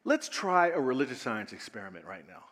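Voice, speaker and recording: A man preaching a sermon as a minister. He tells stories and leads his listeners through a short exercise, swinging between loud, laughing passages and hushed, near-whispered ones. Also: medium pitch, big pitch swings, brisk, big-room sound.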